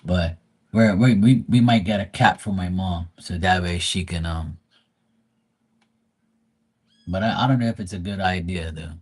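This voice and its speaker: A man's voice: low voice, normal speed, darkish tone, breathy edge. A man grieving, talking casually and profanely in a rambling livestream, often restarting his sentences. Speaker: tarot reader streamer.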